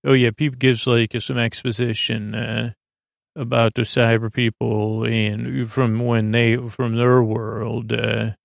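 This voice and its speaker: A man's voice: medium pitch, level tone, takes it slowly, gravelly, no echo, studio quality. A man hosting a sleep podcast, retelling an episode in a meandering way, full of "uh" and "he goes". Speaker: podcast host. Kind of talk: rambling episode recap for sleep.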